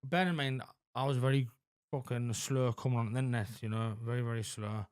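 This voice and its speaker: A man in his forties talking candidly as a podcast guest, halting with lots of fillers and frequent swearing. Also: mid-range voice, steady tone, clean tone, no room sound, studio quality. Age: 40s. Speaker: podcast guest in addiction recovery. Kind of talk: candid conversational interview.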